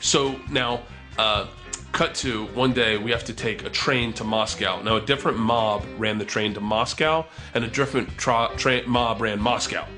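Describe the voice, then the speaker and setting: A man in his thirties tells a comic story in a bright, forceful voice. He is animated and profane and acts out every quote. Soft music plays faintly behind him. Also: medium pitch, moderate pace.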